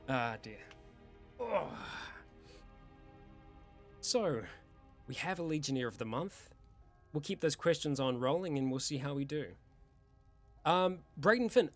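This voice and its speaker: A man hosting a casual monthly community Q&A, rambling and self-deprecating, with a weak voice. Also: a little high. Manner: rambling, with many restarts and fillers, self-deprecating. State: voice having issues, weak. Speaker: YouTube roleplay channel host.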